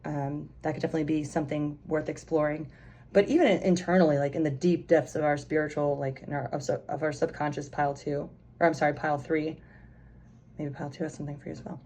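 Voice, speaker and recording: A young woman with a low, mellow voice gives a relaxed pick-a-card tarot reading. She talks in a loose, chatty way, trailing off and restarting her sentences. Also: quick pace. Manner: chatty, rambling, many fillers and restarts. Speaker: tarot reader.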